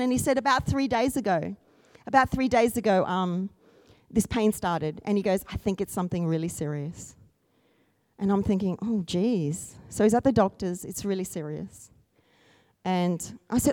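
A woman preaching, her fairly high voice climbing into loud, urgent calls and then dropping to soft, intimate storytelling. The sound is dry and close, with little room around it. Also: expressive, fairly quick, dry recording. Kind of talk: sermon.

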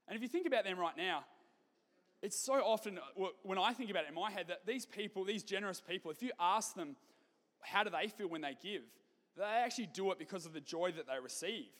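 A man's voice: sits high, a bit bright. A man leading a youth group, giving a chatty, joking talk to students. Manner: chatty, joking, conversational with fillers. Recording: long hall reverb.

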